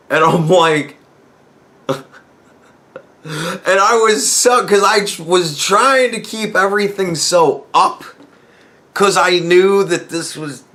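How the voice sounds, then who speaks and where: A man's voice: high voice, takes it slowly, long pauses, pushed and bright. A young man hosting a podcast, talking in a rambling, profane, casual monologue and laughing as he tells stories. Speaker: podcast host.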